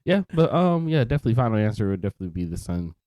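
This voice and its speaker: A man's voice: on the low side, sing-song, rapid-fire, dark tone, dry recording. A young man co-hosting a podcast in a loose casual chat, trailing off, restarting and laughing often. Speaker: podcast co-host.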